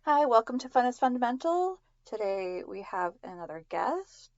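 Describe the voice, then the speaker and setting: A woman's voice: a little high, big pitch swings, normal speed, no room sound, highs cut off. A woman hosting a podcast in a casual, rambling way, with a slight lisp. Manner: chatty, rambling with restarts and small laughs. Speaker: podcast host.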